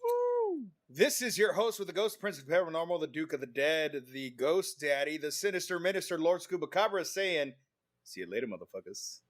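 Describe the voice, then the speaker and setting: A man's voice: on the high side, lively intonation, brisk, a bit bright. A man co-hosting a podcast, joking in a theatrical way in casual chat. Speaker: podcast co-host.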